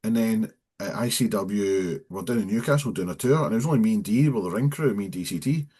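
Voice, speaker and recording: A man's voice: on the low side, quick pace, mellow, husky. Blunt, sweary Scottish man. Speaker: guest, professional wrestler. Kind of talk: casual chat.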